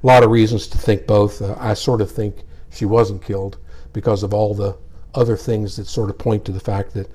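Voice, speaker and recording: A man's voice: lowish voice, mellow, breathy edge. An older man teaching a casual Bible class, folksy and rambling, chuckling as he explains.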